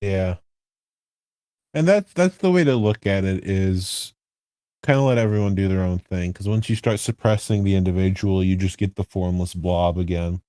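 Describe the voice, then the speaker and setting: In a dry recording, a man with a low, dark, clear, and resonant voice hosts a casual podcast at a moderate pace. He talks about online game politics, wandering off and correcting himself while making his case with rhetorical questions.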